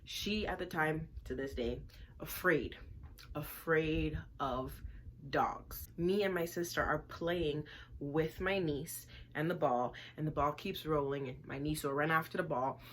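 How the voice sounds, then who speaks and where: A woman with a fairly low voice for her sex, telling a personal story straight to camera. She talks in an animated, emphatic way and repeats phrases for effect. Faint ambient noise sits behind her. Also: unhurried.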